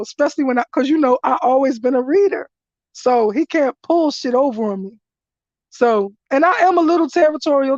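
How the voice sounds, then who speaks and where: A woman hosting a live stream, telling stories in a blunt, profane, animated way and laughing often. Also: on the high side, no echo. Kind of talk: casual profane storytelling. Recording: dull lo-fi dry sound.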